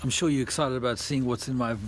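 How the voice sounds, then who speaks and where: A man's voice: mid-range voice, fairly even intonation, quick pace, a little hiss or hum. A South African-born man vlogging outdoors, chatting casually and laughing often as he tells a tired, rambling story. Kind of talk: casual vlog chat. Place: outdoors, garden and yard.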